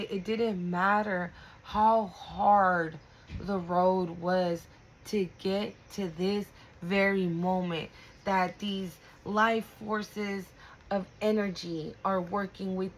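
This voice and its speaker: A woman's voice: medium pitch, slight background noise, rough recording. A woman giving an intuitive tarot reading to her viewers, emotional and close to tears, drawing out her words for emphasis and breathing hard. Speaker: tarot reader.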